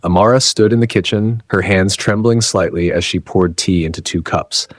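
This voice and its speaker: A man narrating a dramatic story in a slow, suspenseful delivery. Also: low-pitched.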